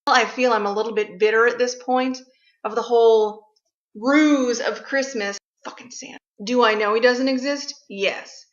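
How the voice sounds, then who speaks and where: A woman's voice: a little high, fairly even intonation, normal speed. A woman vlogger delivering a blunt, sarcastic, profane comic rant. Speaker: vlogger ranting about gifts. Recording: echoey room, slightly dull sound.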